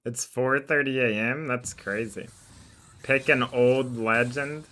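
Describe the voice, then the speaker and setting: A man's voice: mid-range voice, fairly even intonation, takes it slowly, pushed and bright. A man streaming a game, chatting casually and rambling, with frequent laughter. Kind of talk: casual gameplay chat. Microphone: desk microphone.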